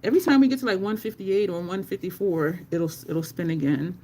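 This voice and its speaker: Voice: mid-range voice, animated, a little fast, a little mellow, slight background noise. Chatty makeup livestream host. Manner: chatty, laughs often, answers viewers in chat; curses casually in conversation. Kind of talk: casual livestream chat while doing makeup.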